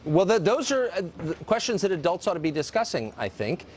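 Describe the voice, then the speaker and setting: A male host of a televised news show questions his guest and then turns to commentary. His voice sits somewhat high, with pitch that moves a lot. He asks pointed questions, sometimes stumbling over the first words. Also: very animated, fairly quick, slight background noise. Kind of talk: live TV news interview and commentary.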